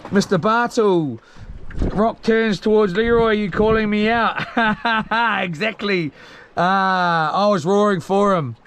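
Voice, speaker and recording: On a live stream from a small boat at sea, a young man with a New Zealand accent reads viewer comments in a laid-back, slangy way, rambling and using many fillers. He has a high-pitched, fairly bright voice and a slow pace, with a little hiss or hum in the audio.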